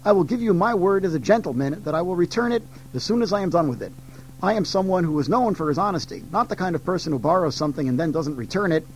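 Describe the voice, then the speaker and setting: A man's voice: sits high, animated, fast, low-quality recording. A man voicing a boastful, cheeky male monkey trickster who teases and gloats. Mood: teasing. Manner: teasing, smug and playful.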